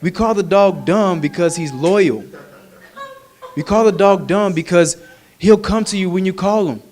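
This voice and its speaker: A man with a high-pitched voice preaches a sermon. His delivery is animated and humorous, and he stays conversational with the congregation. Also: unhurried. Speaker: minister.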